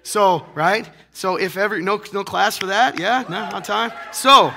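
A hoarse, congested man preaching a casual sermon to a church congregation, teasing the crowd and asking rhetorical questions. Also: high-pitched, unhurried, bright, forceful tone. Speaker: pastor. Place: church sanctuary.

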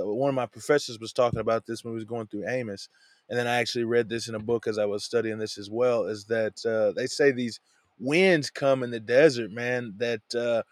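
A man walks through a scripture passage in an easygoing, conversational way, often dropping in "man" as he explains. His voice sits at a middle pitch. The sound is dry and close, with no room echo. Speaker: Bible teacher. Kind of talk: casual Bible study talk. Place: lives in a van.

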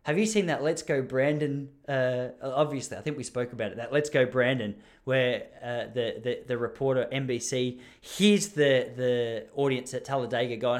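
A man's voice: medium pitch, steady tone, moderate pace, hardly any pauses. An Australian man in his thirties rambling and joking through a casual monologue, laughing often. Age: 30s.

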